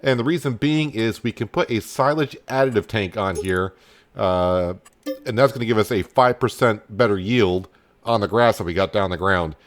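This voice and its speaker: A man's voice: on the low side, normal speed. Casual man narrating a farming game. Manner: relaxed, chatty, thinks aloud with fillers. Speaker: gameplay commentator. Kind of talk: casual let's-play commentary. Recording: noticeable background noise.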